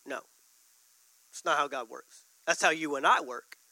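Bright-voiced preacher man. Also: a little high, moderate pace, no echo, low-quality recording. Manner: preaching with rising emphasis and repetition. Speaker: pastor. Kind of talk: sermon.

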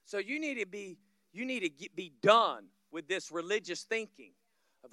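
A man from Florida, preaching a sermon as a guest pastor, telling stories, acting out scenes and building to loud peaks, with humorous asides to the congregation. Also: sits high, big pitch swings, moderate pace, no echo.

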